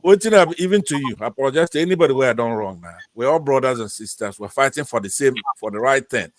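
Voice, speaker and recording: A man's voice: mid-range voice, animated, quick pace, no echo. Rambling man with Nigerian Pidgin accent. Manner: rambling, mixes Pidgin and English, conciliatory. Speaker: panelist. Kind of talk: online political panel debate.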